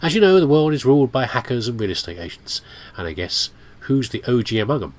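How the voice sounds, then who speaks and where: A man's voice: medium pitch, lively intonation, fast, close to an everyday voice. A man voicing a boastful male hacker in a put-on accent, sounding nasal and blocked up. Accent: generic put-on hacker accent.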